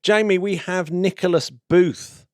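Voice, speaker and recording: A man's voice: high-pitched, fairly even intonation, darkish tone, dry recording, clean studio sound. A man co-hosting a podcast in casual, self-mocking chat. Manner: chatty, self-mocking, quick to laugh. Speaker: podcast co-host.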